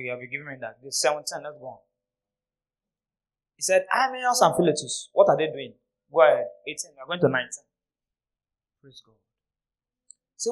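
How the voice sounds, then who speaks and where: Male preacher, high voice, dry close sound, storytelling and scolding with loud bursts. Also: dry recording, poor audio. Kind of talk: sermon.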